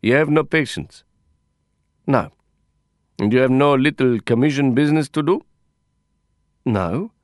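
A man voicing a calm, purposeful grown man who speaks in a terse, measured, commanding way. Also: mid-range voice, no room sound, studio quality, close to an everyday voice. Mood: matter-of-fact. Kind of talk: audiobook character voice.

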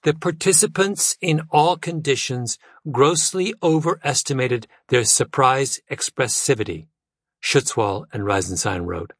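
A man reading a nonfiction audiobook in a measured way, letting his pitch fall low at the end of phrases. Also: husky, no room sound, clean studio sound. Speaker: narrator. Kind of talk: scripted nonfiction audiobook narration.

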